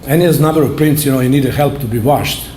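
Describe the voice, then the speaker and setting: Old guy in his 70s accepting an award, halting plain talk, warm low-key tone, echoey hall. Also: a little hiss or hum. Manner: halting, plainspoken, simple phrasing. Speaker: award honoree. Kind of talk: acceptance speech, personal storytelling. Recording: roomy hall echo.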